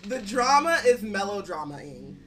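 A woman's voice: mid-range voice, very animated, unhurried, crowd noise. A woman co-hosting a casual book club podcast, quipping in slang and laughing along. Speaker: podcast co-host.

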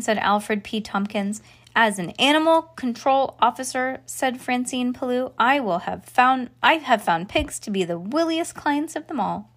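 A woman's voice: sits high, expressive, unhurried. A woman hosting a children's podcast, reading a storybook aloud with playful character voices and chatty asides.

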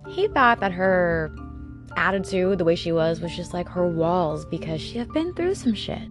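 A woman tells a true-crime story in a loose, conversational way. She talks at a mid pitch and drops sarcastic asides as she goes. Soft music plays faintly under her voice. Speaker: podcast host. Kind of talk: casual true-crime narration.

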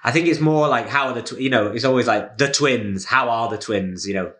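A man's voice: medium pitch, fairly quick, bright, forceful tone. A man co-hosting a casual podcast chat, teasing and joking with his friend. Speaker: podcast co-host. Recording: roomy echo.

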